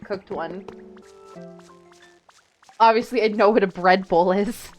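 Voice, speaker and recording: A woman streamer in casual livestream chat while playing a game, hesitant and trailing off as she reflects. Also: mid-range voice.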